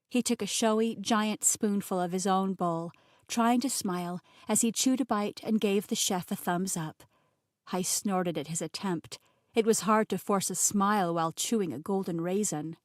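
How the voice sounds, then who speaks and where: Expressive woman narrating an audiobook. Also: medium pitch, normal speed, no room sound, clean studio sound. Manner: expressive, voices the characters.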